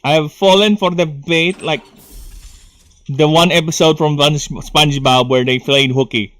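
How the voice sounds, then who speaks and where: This young Filipino man, speaking with a Filipino accent, keeps up casual, profane chatter while live-streaming a game, often wandering off into rants. His voice is on the high side and a bit bright, with a steady tone and a slightly slow pace.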